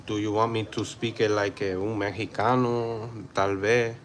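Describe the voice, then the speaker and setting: A man's voice: on the low side, flat delivery, moderate pace, slight background noise. A man in his forties from New York City, giving blunt casual livestream commentary and reacting to chat, sometimes slipping into Spanish phrases. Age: 40s. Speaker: livestream host.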